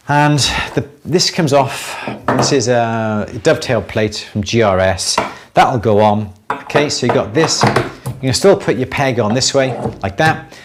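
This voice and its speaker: A middle-aged man hosting a live jewellery Q&A, explaining techniques step by step in a relaxed way, with many fillers and restarts. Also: medium pitch, background noise. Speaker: jewellery maker answering viewer questions. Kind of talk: live Q&A demonstration.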